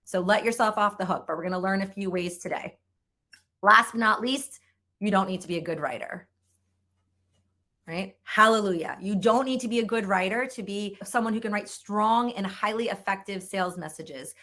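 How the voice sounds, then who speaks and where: A woman's voice: medium pitch, moderate pace, bright, forceful tone. A middle-aged woman delivers a conference keynote as a sales trainer. Her delivery is upbeat and emphatic, and she drives points home by repeating them.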